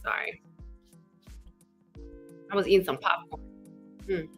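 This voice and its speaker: Southern woman, middle-aged, energetic livestream host, bright and forward tone. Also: fairly low pitch, slow pace, husky, faint music behind. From Arkansas. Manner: chatty, energetic, greets viewers by name, says "y'all" and "child". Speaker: love coach and livestream host. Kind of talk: casual livestream chat.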